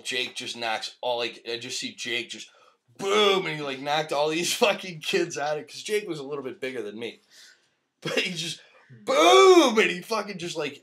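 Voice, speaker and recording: A man's voice: medium pitch, a bit bright. A man hosting a podcast, telling a long story in casual chat, rambling and swearing with frequent laughs. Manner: profane, rambling, laughs often. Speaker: podcast host. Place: live-streamed podcast.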